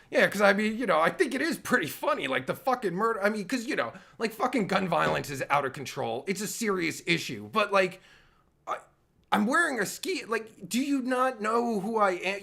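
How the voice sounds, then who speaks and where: A man's voice: sits high, creaky, bright, forceful tone. A man giving sarcastic, taunting commentary as a podcast guest, swearing heavily and mocking his host.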